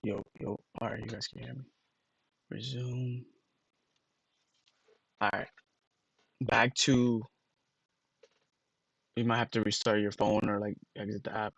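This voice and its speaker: A man's voice: fairly low pitch, level tone, slow, vocal fry, pauses often, fairly bright tone, breathy edge, no echo, lo-fi sound. A man on a casual livestream, rambling to his chat and sounding out words letter by letter with emphatic disbelief.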